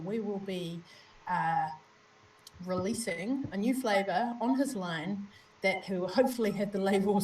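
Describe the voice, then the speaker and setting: A woman's voice: medium pitch, darkish tone, recorded from a distance, a little hiss or hum. A woman with a New Zealand accent co-hosting a live stream, chatting casually and greeting viewers by name. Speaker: livestream co-host. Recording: roomy, from off-mic, faint ambience.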